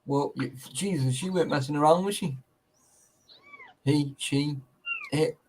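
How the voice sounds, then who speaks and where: Guy livestreaming, kinda high voice, swears loads, says mate every line, noisy background. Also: measured pace, a little mellow. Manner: swears a lot, laughs, calls everyone mate. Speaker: livestream host reading chat. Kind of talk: casual livestream chat. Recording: clear background noise.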